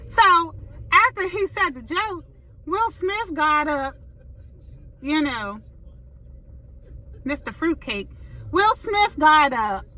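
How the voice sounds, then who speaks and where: Woman host, blunt opinion monologue; slow, deliberate delivery, fairly high and bright. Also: rough recording. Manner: blunt, emphatic, repeats "okay?" to drive points. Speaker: commentary host. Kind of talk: opinionated casual commentary.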